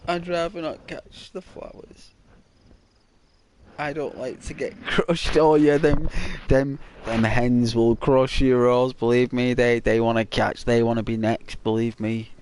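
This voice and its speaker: A man's voice: medium pitch, level tone, a little slow, darkish tone, a little hiss or hum. A man chatting casually while playing a game, telling rambling anecdotes with frequent chuckles and fillers. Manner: rambling storyteller, chuckles often, many fillers. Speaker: gaming channel host.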